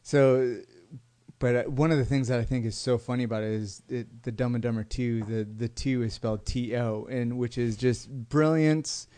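A man co-hosting a casual podcast chat, easygoing and quick to laugh. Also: mid-range voice, steady tone, dark tone. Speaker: podcast co-host.

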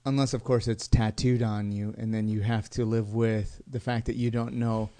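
A man co-hosting a casual podcast chat, easygoing and quick to laugh. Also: lowish voice, flat delivery, warm tone. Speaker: podcast co-host.

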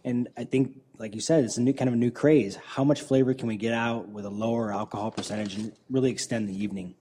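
A man's voice: medium pitch, fairly even intonation, quick pace, mellow, slight background noise. A man joining a casual beer podcast chat, talking fluently and thoughtfully.

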